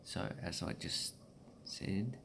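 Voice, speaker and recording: A man with an Australian accent explaining pronunciation in a relaxed, meandering way, with filler pauses. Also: a little hiss or hum. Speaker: language teacher. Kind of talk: casual explanatory lesson.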